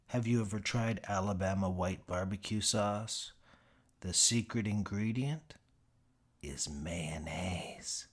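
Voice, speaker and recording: A man reads a comic first-person audiobook at an unhurried pace. His voice sits low, and his delivery is dry and self-important. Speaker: audiobook narrator.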